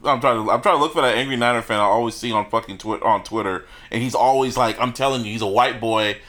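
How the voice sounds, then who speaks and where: A man's voice: mid-range voice, fast, a bit bright. A man co-hosting a podcast, laid-back in casual sports chat, laughing and answering in short bits. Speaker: podcast co-host.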